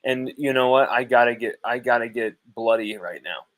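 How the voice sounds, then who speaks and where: A man's voice: mid-range voice, moderate pace, fairly bright tone, rough recording. Heated, profane male sports host. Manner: heated, profane, repeats his points for emphasis. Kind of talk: live postgame commentary.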